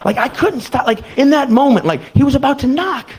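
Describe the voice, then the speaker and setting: A young man performing a stand-up comedy routine on a club stage, telling the story with animated, acted-out exclamations. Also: very high voice, a little fast, poor audio. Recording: live audience laughter. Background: crowd laughing.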